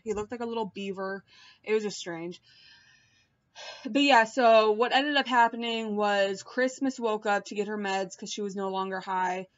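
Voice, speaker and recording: A woman in a casual, rambling chat to her viewers, filmed on a laptop mic at home, swearing and laughing often. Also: medium pitch. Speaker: vlogger. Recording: dull lo-fi laptop audio.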